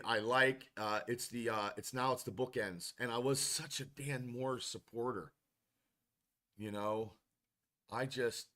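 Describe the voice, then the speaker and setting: Slow-talking frustrated man hosting a podcast. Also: medium pitch, sharp tone. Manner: frustrated, rambling, many restarts. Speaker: podcast host. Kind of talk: casual live-stream football chat.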